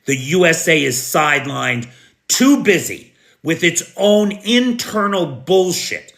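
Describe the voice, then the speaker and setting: An American man delivers live news commentary and takes viewers' questions. His voice is bright and forward, and he speaks slowly, leaning hard on key words with indignant emphasis and the odd sarcastic jab. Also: on the high side, very animated, creaky. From United States.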